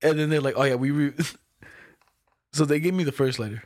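A young man telling a story in casual chat, animated and slangy, acting out the other people's lines with frequent laughs. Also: a little high, moderate pace, no room sound, clean studio sound. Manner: casual slang-heavy talk. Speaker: podcast co-host telling a story.

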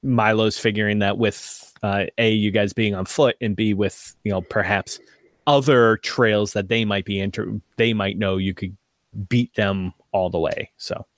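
A man's voice: on the low side, fairly even intonation, unhurried, no room sound, studio quality. Rambling male game master. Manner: rambling, thinking aloud with fillers. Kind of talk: narrating a tabletop game.

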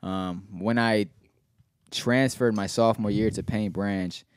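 A man in his late twenties from Maryland, a guest rapper chatting casually in relaxed slang. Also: lowish voice, a little slow, smooth, dry recording, clean studio sound. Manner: relaxed slangy talk, lots of bro. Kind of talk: casual chat.

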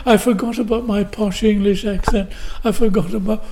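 A man's voice: sits high, fairly even intonation, moderate pace, warm tone, a little hiss or hum. Older Glasgow-born man telling stories. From Glasgow, Scotland. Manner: vivid storyteller who acts out the quotes. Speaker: guest actor. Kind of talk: anecdotal storytelling.

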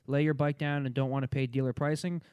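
A man's voice: medium pitch, flat delivery, quick pace, smooth, dry recording, lo-fi sound. Man reading an ad, offhand. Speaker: podcast host reading an ad. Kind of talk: casual ad read.

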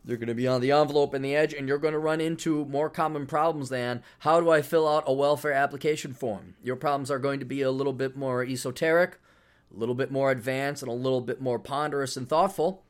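A man's voice: mid-range voice, steady tone, quick pace. A middle-aged man hosting a podcast, talking in a brash, sarcastic, profane way while plugging his own books. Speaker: podcast host. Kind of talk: casual podcast monologue.

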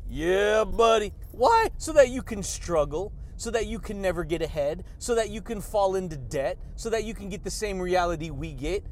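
A man's voice: high-pitched, expressive, normal speed. A man hosting a motivational podcast monologue, exuberant and slangy, laughing between points and repeating catchphrases. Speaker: podcast host.

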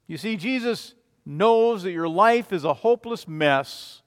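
A man preaching a sermon as a pastor, emphatic, swinging between loud declarations and quiet, low passages. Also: expressive, unhurried, long reverb tail. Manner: emphatic, rising and falling in volume.

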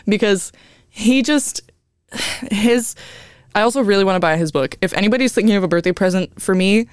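A woman's voice: mid-range voice, normal speed, clear, resonant tone, dry recording, clean studio sound. A young woman hosting a radio show, rambling casually, swearing freely and laughing often.

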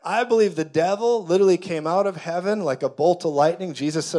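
A man preaching a sermon with a fairly high voice. He tells the story softly and dramatically, then builds to loud, fervent, repeated declarations. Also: fairly quick, few pauses. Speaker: pastor.

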